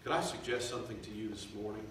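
A man preaching a revival sermon, swelling loud and slow for emphasis, then dropping to quiet, confiding tones. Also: fairly low pitch, slight background noise. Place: church sanctuary. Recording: echoey church from far off.

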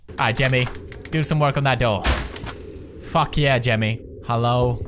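A man's voice: mid-range voice, steady tone, normal speed, background noise. A man doing horror game commentary, jumpy, sarcastic and profane. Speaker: gaming video creator.

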